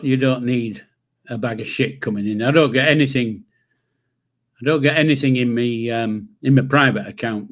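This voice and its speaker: An older man, hosting a casual livestream and chatting loosely with viewers, with a rambling manner, casual swearing and chuckles to himself. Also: mid-range voice. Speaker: livestream host. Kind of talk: casual live chat reading comments.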